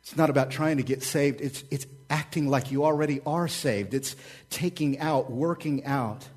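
A man preaching a sermon as a pastor. He swings between loud, urging calls and quiet asides, and repeats key phrases as a refrain. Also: a little high, normal speed.

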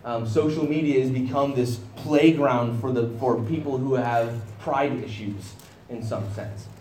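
A man's voice: medium pitch, a little slow, darkish tone, roomy sound, slight background noise. A man preaching through a Bible passage in a conversational way, often checking in with his listeners and acting out the people in the story. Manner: conversational, asks "right?" often, acts out quoted voices. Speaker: pastor. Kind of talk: expository sermon.

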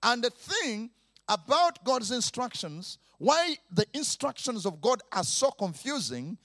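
A middle-aged man delivers a playful, animated sermon, acting out noises and laughing between points. His voice sits high and leaps all over the place. The sound is dry and close. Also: no room sound. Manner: animated, mimics sounds, laughs often, drawn-out repetitions. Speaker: preacher. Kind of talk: lively sermon.

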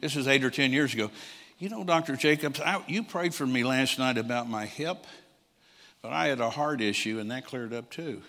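Older male preacher in his 60s, bright voice, animated storytelling in a church with long hall reverb. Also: medium pitch, normal speed. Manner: animated storyteller who acts out quoted people and chuckles often. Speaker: traveling preacher. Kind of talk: storytelling sermon.

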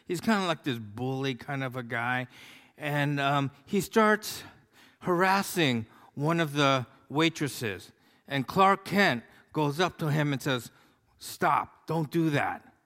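A male pastor preaching a sermon in a relaxed, conversational way, telling a story with many fillers. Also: medium pitch. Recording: long reverb of a large hall.

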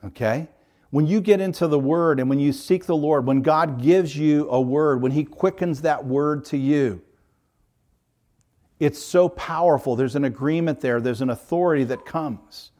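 A man's voice: a little high, normal speed, a little mellow. A middle-aged man, a pastor, preaching a sermon in an earnest, emphatic way, stacking up repeated parallel phrases.

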